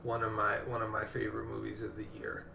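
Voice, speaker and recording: A podcast co-host chats casually about movies, rambling and constantly interrupting himself to restart. He has a fairly low voice with big pitch swings, a quick pace and vocal fry, recorded in an echoey room with a noisy background.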